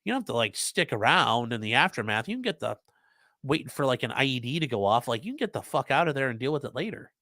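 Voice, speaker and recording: A man's voice: mid-range voice, sing-song, fast, sharp tone, dry recording. A man with a mid-range voice chats on a live stream, reading out viewer comments and answering them bluntly, with swearing thrown in. His voice sounds dry and close, with very little room around it. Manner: blunt, profane, conversational, reads chat aloud. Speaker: lawyer hosting a live stream.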